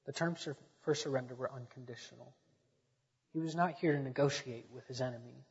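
A man preaching a sermon to a congregation, rising to loud emphatic swells and dropping back to quiet speech. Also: medium pitch, brisk, slightly rough. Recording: dull echoey sanctuary recording.

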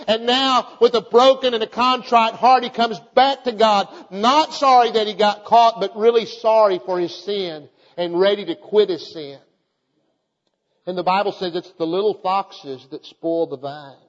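An older man preaching a fervent sermon to a congregation, calling out to them and reading scripture aloud in a measured cadence. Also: high voice. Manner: fervent, exhorting preaching with rhetorical calls to the congregation. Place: church hall before a congregation. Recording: echoey hall, dull lo-fi sound.

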